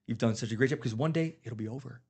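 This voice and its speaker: A man's voice: mid-range voice, quick pace, gravelly, darkish tone, husky. A man on a podcast telling heartfelt stories about his kids in casual chat, getting emotional. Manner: earnest, emotional storytelling. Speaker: podcast guest.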